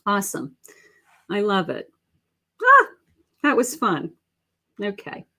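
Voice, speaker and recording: A middle-aged woman giving live tarot readings as a psychic medium, talking in a halting way with many fillers and calling viewers sweetheart and honey. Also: mid-range voice, huge pitch swings, bright, forceful tone. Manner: slow, halting, with many fillers and terms of endearment. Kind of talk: live-stream card reading.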